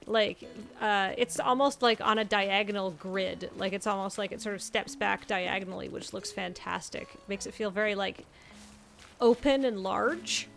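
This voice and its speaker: A woman's voice: mid-range voice, normal speed, gravelly, fairly bright tone. A woman hosting a stream, chatting casually and enthusiastically, often gasping in delight. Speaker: stream host. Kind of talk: casual chat.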